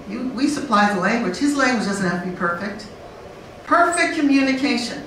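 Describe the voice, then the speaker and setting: A woman's voice: on the high side, normal speed. Woman teaching in an echoey hall. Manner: animated, blunt, acts out learners and babies. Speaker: conference panel speaker. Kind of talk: lively conference talk. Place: conference room. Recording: very echoey room from far off, faint noise.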